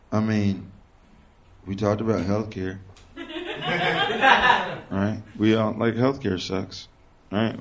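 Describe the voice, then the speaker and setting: A young man doing a stand-up comedy set, telling stories loosely and profanely, acting out quick back-and-forth exchanges. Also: medium pitch, vocal fry. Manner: loose, conversational, profane storytelling with quoted exchanges. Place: small comedy venue with live audience.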